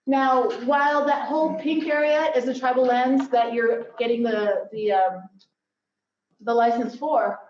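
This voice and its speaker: A Silicon Valley woman presents an upbeat conference workshop in a lecture hall, mixing in joking asides. Her voice is a little high with a darkish tone, captured from far off in an echoey hall that sounds dull.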